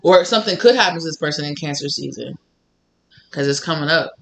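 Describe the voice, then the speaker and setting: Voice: mid-range voice, a little fast, gravelly, a bit bright. A tarot reader giving a casual reading to camera, blunt and sassy, swearing freely and laughing often.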